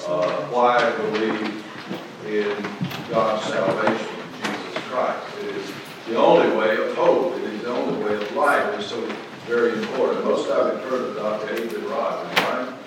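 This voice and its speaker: A man's voice: fairly low pitch, steady tone, moderate pace. A man preaching a sermon as pastor, folksy and emphatic, with bursts of rising emphasis. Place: large church sanctuary. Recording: echoey hall from far off, room noise.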